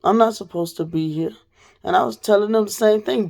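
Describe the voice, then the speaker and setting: A woman vlogger telling a personal story straight to the camera, blunt and profane, her voice dropping low and then rising loud. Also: a little fast, vocal fry.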